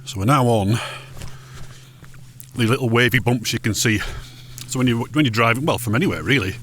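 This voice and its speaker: A man's voice: medium pitch, fairly quick, fairly bright tone, a little hiss or hum. Chatty man hiking. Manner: chatty, jokey, rambling asides. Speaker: hiking vlogger. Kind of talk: casual walking commentary. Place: outdoors on a mountain ridge.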